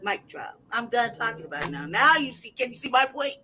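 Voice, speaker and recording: Brisk and very animated, an American podcast host with a very high-pitched voice launches into an angry, profanity-laden rant full of loud outbursts. The low-quality recording has a little hiss or hum.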